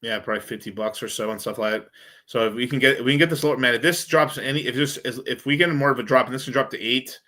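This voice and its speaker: A man's voice: medium pitch, quick pace, pushed and bright. A man hosting a crypto livestream, chatting casually and profanely as he rambles through charts. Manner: profane, rambling, thinking aloud. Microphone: streaming setup mic.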